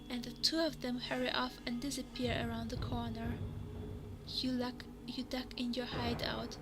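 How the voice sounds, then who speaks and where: A woman's voice: on the high side, noisy background. A woman reading a text adventure game aloud in second person, sometimes dropping to a whisper. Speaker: game narrator. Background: background music.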